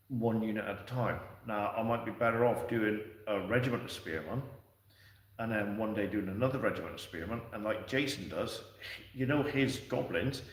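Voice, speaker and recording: A man's voice: mid-range voice, fairly bright tone. A man hosting a casual livestream, chatting and answering viewers in a rambling way with fillers and restarts. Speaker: livestream host. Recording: echoey room, distant from the mic.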